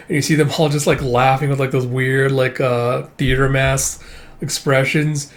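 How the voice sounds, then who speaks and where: A man's voice: mid-range voice, little pitch movement, moderate pace. Chatty man recapping a comic. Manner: casual, fillers like "it's like", loose and chatty. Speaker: comic reviewer. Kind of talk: casual manga recap.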